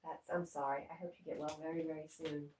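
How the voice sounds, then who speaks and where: A woman with a low, mellow voice chats her way through a live stream, reading viewer comments aloud. She often breaks into cooing, laughing baby talk for her pets. The sound is roomy and a bit distant, with a faint hiss underneath. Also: little pitch movement, fast talker. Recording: echoey room, voice a bit off-mic, faint noise.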